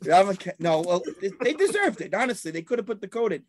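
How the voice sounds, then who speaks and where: Animated New man telling a story. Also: high-pitched, fast, a little hiss or hum. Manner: animated, acts out his own story with loud outbursts. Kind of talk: casual storytelling among friends.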